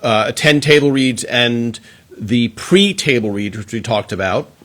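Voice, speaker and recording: A man's voice: medium pitch, lively intonation, a little slow, a bit bright. A man hosting a casual live Q&A stream, greeting viewers one by one and chatting with plenty of filler words.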